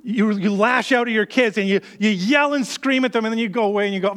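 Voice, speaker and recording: A man's voice: high voice, fast, few pauses, fairly bright tone. A man preaching a sermon in an earnest, conversational way, acting out the worried thoughts of his listeners. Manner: earnest, conversational, acts out worried inner voices. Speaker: pastor.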